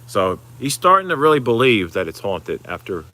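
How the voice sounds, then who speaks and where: A man's voice: mid-range voice, big pitch swings, normal speed, sharp tone. A middle-aged man hosting a casual live stream, rambling, swearing freely and reading out viewer comments. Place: Florida, outdoors.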